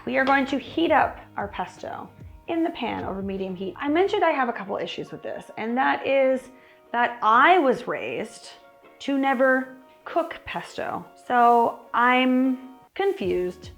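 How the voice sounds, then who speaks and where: A woman hosts a casual cooking show from her home kitchen, chatty and wry as she talks through each step. Her voice sits high and a bit bright, sing-song with vocal fry at a measured pace, with faint music behind.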